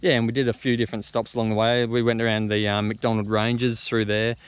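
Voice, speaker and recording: Fast-talking Australian man telling a story. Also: lowish voice, little pitch movement, clear, resonant tone. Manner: rambling, lots of fillers and slang. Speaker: travel vlogger. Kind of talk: casual storytelling.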